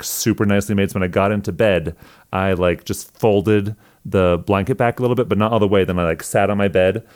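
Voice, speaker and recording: Guy in his 20s with a really deep voice, chatty and rambling, says like a lot. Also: darkish tone, smooth. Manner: rambling, self-deprecating storyteller with many "like"s. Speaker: guest sharing stories. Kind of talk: casual chat.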